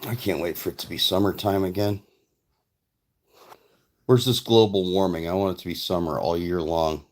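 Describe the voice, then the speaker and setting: A man's voice: low voice, normal speed, a little mellow. A man and father telling a rambling, profane story in a casual vlog. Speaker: vlogger and father.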